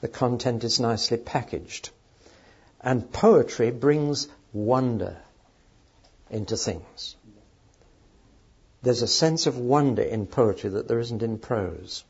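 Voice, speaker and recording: A man with a husky, slightly breathy voice teaches in an emphatic, explanatory way, leaning on the words that matter. The recording is dull and lo-fi, with the top end rolled off. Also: medium pitch, slow pace, pauses often. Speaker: Bible teacher. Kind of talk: teaching talk on poetry.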